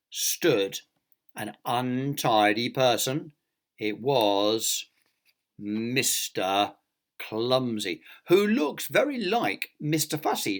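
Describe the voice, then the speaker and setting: A man, a teacher, reading a picture book aloud to children, with chatty asides to his young listeners. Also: medium pitch.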